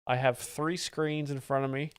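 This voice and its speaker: A man hosting a live stream, giving mock-expert commentary and reading chat in a deadpan, easily distracted way. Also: mid-range voice, moderate pace, smooth, dry recording, studio quality. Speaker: livestream host. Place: home setup with several screens.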